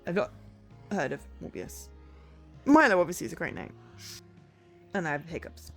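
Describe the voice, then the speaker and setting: A woman's voice: fairly low pitch, wildly swooping pitch, moderate pace, long pauses, faint music behind. A woman in her thirties, a streamer chatting casually and rambling between tangents while she plays. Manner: rambling, chatty, self-deprecating. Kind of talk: casual chat while livestreaming a game.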